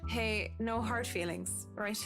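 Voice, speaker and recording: A woman's voice: mid-range voice, slow, a bit bright, faint music behind. A woman voicing a drunk, sarcastic heroine around thirty who deflects with dry comebacks. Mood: defensive.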